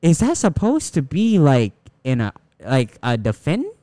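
A man's voice: fairly high pitch, wildly swooping pitch, normal speed, mellow, dry recording. A young man co-hosting a casual podcast, talking in a rambling, profane way with many restarts. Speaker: podcast co-host.

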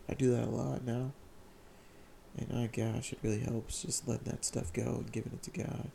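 A young man candidly telling a personal story in casual slang, often halting and repeating his words. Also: medium pitch, level tone, vocal fry, dark tone, slight background noise. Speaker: vlogger sharing a personal story.

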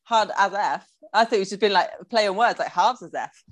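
A woman's voice: medium pitch, fairly quick. A woman co-hosting a podcast, chatting in a giggly, self-deprecating way. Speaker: podcast co-host. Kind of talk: casual chat.

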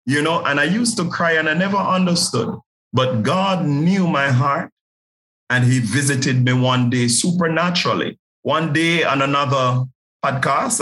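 A man's voice: mid-range voice, fairly bright tone, poor audio. A man from Jamaica with a Jamaican accent, speaking as a pastor and podcast guest, earnest and often repeating words as he starts a thought. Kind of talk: podcast interview guest, preaching.

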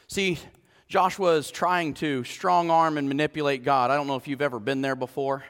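A male pastor preaching a sermon, animated, moving from quiet asides to shouted emphasis. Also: a little high, moderate pace, smooth, in a large hall.

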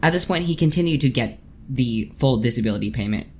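A podcast co-host narrating true crime in casual chat, with sarcastic, deadpan asides. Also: medium pitch, quick pace, a little hiss or hum.

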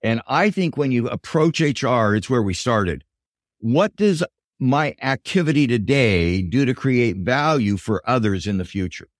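An older man tells stories in an interview, acting out the dialogue of the people in them. His voice sits at a middle pitch, and the recording is dry and close with no room sound. He speaks as a professor and coach giving his answers. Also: a little slow, no room sound. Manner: animated storyteller, voices quotes in dialogue. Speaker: guest, business professor and executive coach.

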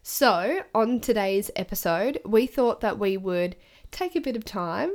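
A woman's voice: mid-range voice, expressive, unhurried. A woman co-hosting a podcast, chatting casually and laughing often. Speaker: podcast co-host. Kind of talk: casual chat.

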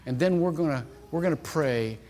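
A middle-aged man preaching a sermon, telling stories with lively acted-out dialogue. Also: on the high side, moderate pace, slight background noise. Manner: animated storytelling, acts out quoted dialogue. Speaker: pastor. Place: church sanctuary. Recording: long hall reverb.

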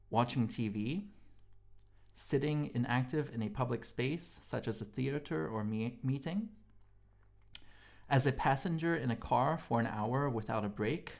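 A man's voice: medium pitch, a little mellow. Tired man hosting a casual podcast. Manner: halting, with many ums and restarts. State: sleep-deprived, tired and yawning. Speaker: podcast co-host.

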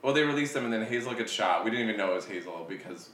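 A man co-hosts a loose film-review chat, swinging up and down in pitch as he jokes and swears. His tone is bright and edgy, a little low-pitched. He sounds set back from the mic in an echoey room. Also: lively intonation, racing, far from the mic. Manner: loose, joking, swears and laughs often. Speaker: podcast co-host.

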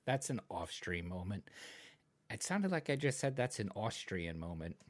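Animated Rhode Island man hosting. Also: lowish voice, normal speed, no room sound, studio quality. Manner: animated, excitable storytelling. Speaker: stream host. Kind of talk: casual chat.

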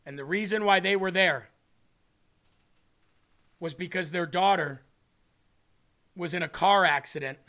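A man's voice: high-pitched, measured pace, long pauses. A man hosting a faith show, telling a story in sermon style and acting out the dialogue of its people. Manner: animated, acts out dialogue in a story. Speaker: host and preacher.

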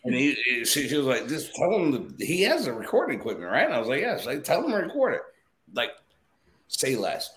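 A man telling a story in casual podcast chat, animated and profane, repeating himself for emphasis. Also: medium pitch, brisk, reverberant.

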